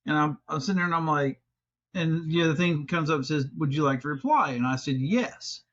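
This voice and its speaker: A man hosting a podcast, telling a story in casual, profane chat with loud exasperated outbursts. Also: a little high, brisk. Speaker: podcast host. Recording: slightly dull lo-fi sound.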